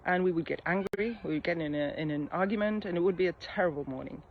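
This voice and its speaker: Reflective woman coach, slightly muffled. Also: fairly low pitch. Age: middle-aged. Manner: reflective, pausing often with soft fillers. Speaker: mindset coach. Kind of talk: casual coaching talk. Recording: slightly muffled with faint background noise.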